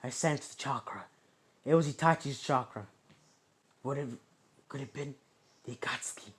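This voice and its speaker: A seasoned older male ninja mentor, as put on by a man telling a fan story, speaks low and quietly. His words come out muttered and grave. The retelling has the feel of a casual homemade story. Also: moderate pace, husky, lightly acted. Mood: worried.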